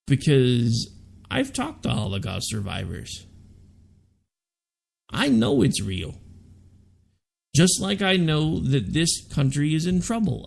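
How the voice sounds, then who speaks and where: A man's voice: fairly high pitch, creaky, darkish tone. A man hosting a political talk radio show, delivering a sarcastic, ranting monologue.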